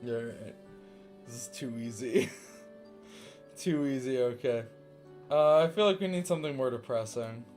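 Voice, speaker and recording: A man's voice: medium pitch, measured pace, long pauses, darkish tone, faint music behind. A young man reading fanfiction aloud for laughs, swearing and self-mocking as he comments on it. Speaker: reader reacting to fanfiction.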